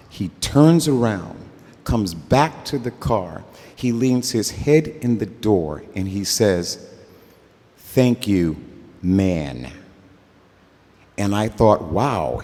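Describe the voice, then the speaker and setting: An older man telling a story live on stage, relaxed and conversational, acting out the voices of the people in it. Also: mid-range voice. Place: festival workshop stage. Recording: reverberant stage sound.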